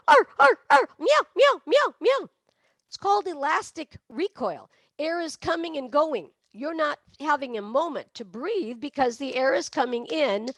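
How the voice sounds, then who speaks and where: A woman's voice: high voice, no room sound. A woman leading a singing lesson on breathing, demonstrating with barks, meows and sung laughs. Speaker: vocal coach. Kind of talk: online voice lesson.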